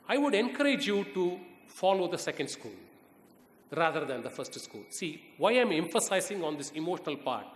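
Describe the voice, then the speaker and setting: Guest lecturer, man, Indian English accent, exhorts students with deliberate pauses; lively high voice, roomy hall sound. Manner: earnest, exhorting, pauses for emphasis. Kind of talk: university lecture answering student questions. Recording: echoey hall reverb.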